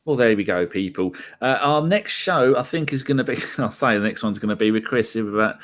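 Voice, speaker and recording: A man's voice: on the low side, animated, brisk. A man from London with a London accent, hosting a casual podcast chat, sweary and full of banter. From England. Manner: sweary, banter-heavy, rambling. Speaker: podcast host.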